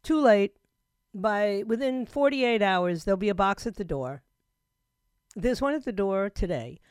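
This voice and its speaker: A middle-aged woman hosts a talk radio show in an emphatic, conversational way. Her voice sits at a middle pitch and swings from loud punches down to hushed asides. She speaks into a studio microphone with a dry, close sound. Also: lively intonation, measured pace, clear, resonant tone, no room sound. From South Florida. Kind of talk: opinionated talk radio monologue.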